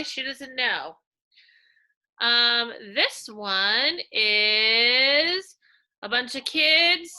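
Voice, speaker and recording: A woman teaches sight words to young children in a slow, sing-song voice. Her tone is very bright and a little high, and she stretches out each word. She sounds animated and patient as she points through her pictures. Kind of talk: early-reading lesson for young children.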